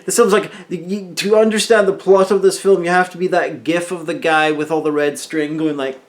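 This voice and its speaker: A man co-hosting a casual film-review chat at home, with dry, quiet interjections and corrections. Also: a little high, fairly even intonation, moderate pace. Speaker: co-host. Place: home room with a film playing on the TV.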